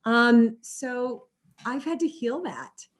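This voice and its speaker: A middle-aged woman, a music therapist, talks through interview answers in an animated storytelling way. She drops into quick acted-out quotes of other people as she explains her ideas. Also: a little high.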